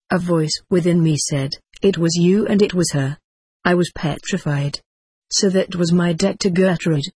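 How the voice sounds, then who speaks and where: An audiobook narrator reading a first-person spiritual tale in an even, solemn storytelling way. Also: medium pitch, slightly rough, dry recording, rough recording.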